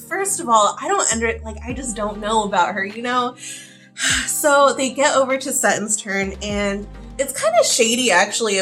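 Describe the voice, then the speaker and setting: Chatty girl doing her makeup and gossiping, bright clear voice, lots of likes, soft music in back. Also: mid-range voice. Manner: chatty, heavy use of "like" fillers. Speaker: beauty vlogger. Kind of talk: casual get-ready-with-me chat.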